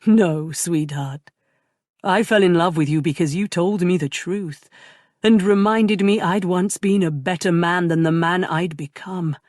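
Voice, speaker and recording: A woman voicing a tender, remorseful young nobleman in love, speaking softly and earnestly. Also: on the low side, a little slow, no echo, studio quality. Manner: soft, earnest and intimate.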